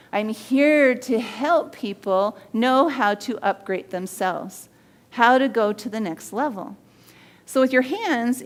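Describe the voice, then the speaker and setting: A woman with a fairly high voice teaches body language on her own show. She talks with energy and acts out the people in her stories to make her points. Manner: animated storyteller who acts out quoted voices.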